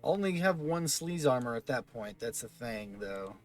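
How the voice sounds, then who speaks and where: A man's voice: medium pitch, expressive, normal speed, faint music behind. A man giving let's play commentary, thinking aloud and muttering through item lists. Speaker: gaming video host.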